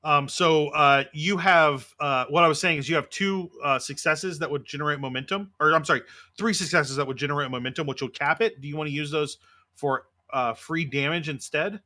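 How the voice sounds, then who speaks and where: Need a male game master with a slightly high, bright voice, methodical and filler-heavy at the table. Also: fairly quick. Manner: methodical, explains rules with many fillers.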